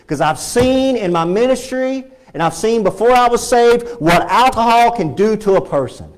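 A man's voice: high-pitched, expressive, moderate pace, hardly any pauses. A man with a Texan accent preaching a fervent sermon as pastor in a church, repeating his points and rising to emphatic peaks. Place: church sanctuary.

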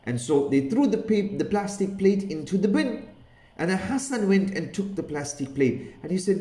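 Male children's storyteller, warm-toned, slightly high, roomy sound. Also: big pitch swings, moderate pace. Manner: gentle, asks the child questions, Islamic phrases. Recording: roomy echo.

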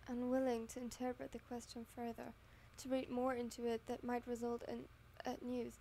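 A woman narrates a fan audio story with dramatic, emotional expression. Her voice is mellow and a little high. She draws the listener into every line. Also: monotone, moderate pace, a little hiss or hum.

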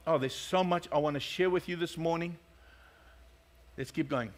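A male pastor with a notably high voice delivers a sermon. He tells stories and jokes with his congregation. His delivery stays lively and conversational. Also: moderate pace, pauses often. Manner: storytelling, joking, lively.

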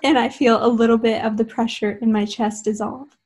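A woman's voice: on the high side, steady tone, brisk, a little mellow. A woman reading a novel aloud over a video call, trying not to giggle. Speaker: reader in a group reading.

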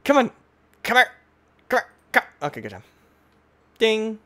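A young man giving playful, excitable commentary on a Minecraft let's play, talking to the animals in the game. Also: very high voice, a little fast. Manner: goofy, excitable, talks to animals. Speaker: gaming YouTuber.

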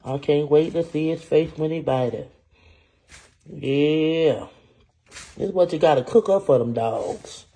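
A man's voice: on the high side, measured pace, pauses often, dark tone. A man playing a sassy, vengeful scorned wife. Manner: sassy, talks straight to viewers with "y'all" and "honey". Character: scorned vengeful wife cooking for her cheating husband. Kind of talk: comedy skit cooking monologue.

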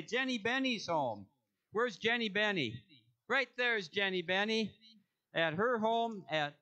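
A man reads out the church notices from the front of a sanctuary, cracking jokes and wandering off track. His voice sits a little high and sounds bright and forceful. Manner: joking, rambling, self-correcting. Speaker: church announcer. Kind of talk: casual church announcements.

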